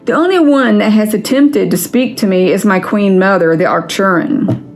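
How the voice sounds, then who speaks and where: A woman's voice: mid-range voice, normal speed, faint music behind. A woman vlogger ranting in a casual vlog, angry and frustrated, with frequent swearing.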